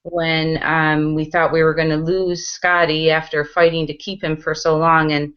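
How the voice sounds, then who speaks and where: A woman's voice: low voice, level tone, normal speed, clean tone. A middle-aged woman from the United States, an interview guest and mother, speaking directly and earnestly. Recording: dull lo-fi audio.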